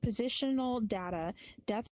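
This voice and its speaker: A woman's voice: on the high side, normal speed, darkish tone, no room sound, low-quality recording. A woman improvising spoken story narration, sometimes stumbling over names and restarting words. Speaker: improv performer.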